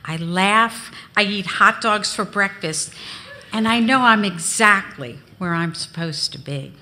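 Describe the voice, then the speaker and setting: A woman giving a live memoir reading on stage, expressive and unhurried. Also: medium pitch, a little hiss or hum. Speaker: storyteller. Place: on stage at a venue.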